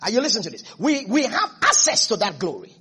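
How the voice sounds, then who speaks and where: High-pitched husky male preacher. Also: sing-song, fast talker, sharp tone. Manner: emphatic, repetitive preaching, calling out to the congregation. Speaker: pastor. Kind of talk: sermon.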